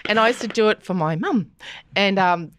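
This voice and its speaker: An Australian woman hosting a podcast in casual chat, bubbly and gushing, quick to laugh. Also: mid-range voice, fairly bright tone, no echo, studio quality. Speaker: podcast host.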